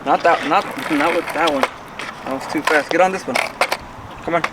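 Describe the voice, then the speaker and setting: A man coaching his child on a skateboard in a gruff, encouraging way. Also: a little high, moderate pace, recorded from a distance, very noisy. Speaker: husband on a vlog.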